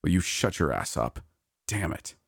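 A man voicing a gruff, blunt male coworker in a horror story, speaking curtly and swearing. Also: rumbling low, moderate pace, no room sound, studio quality. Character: gruff, wary male park manager.

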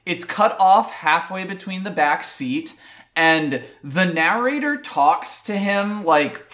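A co-host on a casual movie-review podcast, wry and deadpan, swearing freely as they recap scenes. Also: mid-range voice, takes it slowly.

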